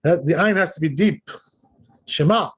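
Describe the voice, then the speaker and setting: Male rabbi, informal class, somewhat raised pitch; chatty, repetitive, keeps checking his listeners follow. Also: moderate pace, husky. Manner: explanatory, repeats words, checks in with "right?" and "you know?"; demonstrates pronunciation aloud. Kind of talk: informal Torah lesson.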